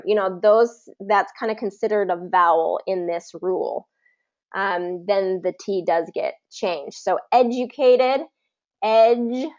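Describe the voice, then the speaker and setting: A woman teaching English pronunciation in a live online class, patiently demonstrating words slowly. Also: medium pitch, dull audio. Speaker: pronunciation coach.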